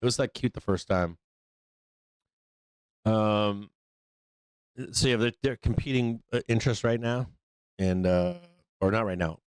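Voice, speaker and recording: A deep-voiced man hosting a live market stream, talking off the cuff with plenty of swearing and "like" and "uh." His voice sits close and dry, with no room sound around it. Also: unhurried, long pauses, a little mellow, clear, resonant tone, no room sound. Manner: loose, profane, rambling with fillers. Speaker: trading show host.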